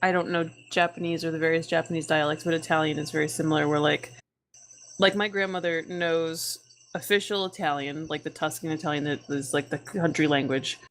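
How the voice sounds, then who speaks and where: Woman, very low pitch, casual podcast chat, fillers, faint background noise. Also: steady tone, a little fast. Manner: chatty, many fillers and restarts. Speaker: podcast co-host.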